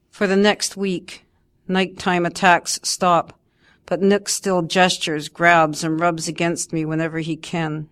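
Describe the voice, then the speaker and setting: Woman narrating a memoir in a low voice. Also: little pitch movement, takes it slowly, fairly bright tone.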